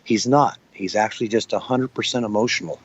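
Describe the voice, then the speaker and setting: A man's voice: fairly low pitch, a little fast, husky, dull audio. A man recounting what he witnessed in an interview, plain-spoken and rambling. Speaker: eyewitness.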